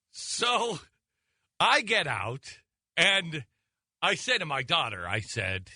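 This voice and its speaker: A man's voice: on the high side, huge pitch swings, slow, pauses often, bright, forceful tone, slightly rough, no echo. A man in his forties, a radio talk show host, telling a comic story in a sarcastic, rambling way from a studio mic. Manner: sarcastic and rambling, with many restarts. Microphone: close studio mic.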